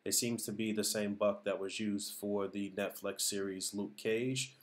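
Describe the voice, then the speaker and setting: A man with a lowish voice, fairly even intonation and a measured pace gives casual vlog commentary on what he saw and heard. He's reflective and hedging, talking things through.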